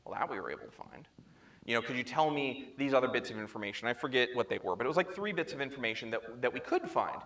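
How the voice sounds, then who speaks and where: A man presenting at a security chapter meeting, telling a story in a lively way and acting out the dialogue, speaking into a handheld microphone. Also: mid-range voice, fast talker. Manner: animated storyteller who acts out quoted dialogue. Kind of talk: conference talk, storytelling. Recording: echoey room, faint background noise.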